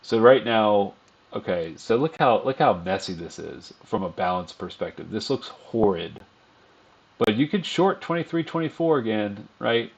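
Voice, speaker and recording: A low-voiced, gravelly man talks his viewers through his live trades, cursing often and muttering to calm himself down between moves. The stream audio is dull and lo-fi. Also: unhurried. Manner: swears often, groans and mutters at the market; calms himself down out loud. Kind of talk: live trading commentary.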